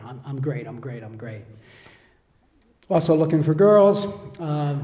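A middle-aged man tells a story from a stage, his voice a touch high for a man. He rambles and chuckles at himself. The sound rings around a big echoey hall with a long tail. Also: a little mellow. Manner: rambling, chuckling, self-mocking. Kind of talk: live personal storytelling.

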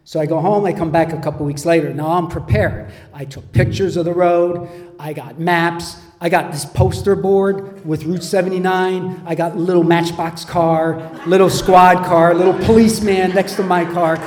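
A middle-aged man tells a story from a stage, his voice a touch high for a man. He rambles and chuckles at himself. The sound rings around a big echoey hall with a long tail. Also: steady tone, moderate pace, darkish tone. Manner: rambling, chuckling, self-mocking. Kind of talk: live personal storytelling.

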